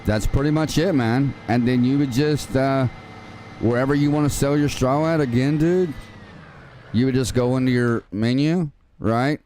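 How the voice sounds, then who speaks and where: A man's voice: mid-range voice, normal speed, a little mellow, a little hiss or hum. A man hosting a live farming-game stream, talking viewers through the controls in a casual, chatty way and calling them man and dude. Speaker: gaming livestream host. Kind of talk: live game tutorial with chat.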